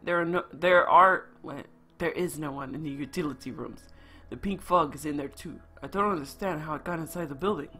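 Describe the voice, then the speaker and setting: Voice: mid-range voice, a little fast, few pauses, sharp tone, slightly rough, faint music behind. A streamer reading out the lines of a stern male group leader in a survival game, curt and giving orders.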